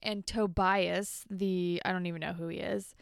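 Woman co-host, animated recapper, crisp voice with vocal fry. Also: fairly low pitch, moderate pace, no room sound, clean studio sound. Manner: animated, acts out characters' lines while retelling. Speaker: podcast co-host. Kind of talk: casual recap chat.

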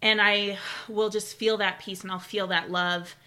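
A young woman chatting casually as a podcast co-host, telling stories with animated enthusiasm. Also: mid-range voice, a little slow. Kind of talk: casual chat.

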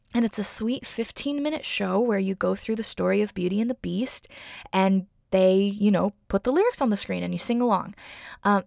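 Young woman host, very creaky voice, dry close sound, chatty and effusive storyteller. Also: mid-range voice, a little mellow, no echo. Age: young adult. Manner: chatty, gushing, heavy use of "like" and "um". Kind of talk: casual personal storytelling.

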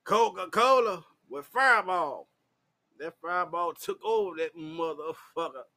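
A man, slightly drunk, tells a raw personal story to camera. His voice sits a little high and sounds bright and sharp, and he laughs loudly and swears constantly. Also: measured pace. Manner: loud, crude and laughing, swings into high shouting. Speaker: vlogger.

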